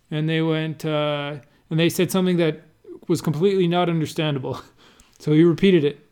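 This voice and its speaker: A man's voice: a little high, flat delivery, a little mellow, smooth. Here is a man with a slightly raised voice telling a friend about flying in an air race. He speaks in a loose, conversational way, full of fillers and false starts, and breaks into the odd laugh as he remembers. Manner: halting, many restarts and fillers, laughs while telling. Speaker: pilot recounting an air race event. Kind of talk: casual conversational recollection.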